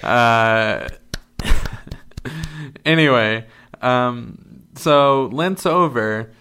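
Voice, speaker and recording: A man's voice: medium pitch, extremely slow, bright, forceful tone, clear, resonant tone. A man hosting a casual chat, playful and punning, laughing easily.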